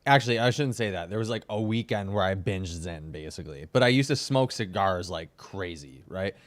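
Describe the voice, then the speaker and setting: A man's voice: sits low, animated, brisk. A young man hosting a podcast, talking in a laid-back, slangy way and laughing often. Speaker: podcast host. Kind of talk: casual chat.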